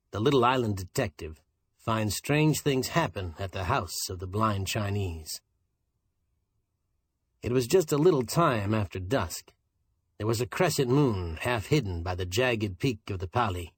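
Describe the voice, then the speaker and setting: A man reading crime fiction as an audiobook narrator, in a steady, even manner. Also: lowish voice, breathy edge, dry recording. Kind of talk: scripted narration.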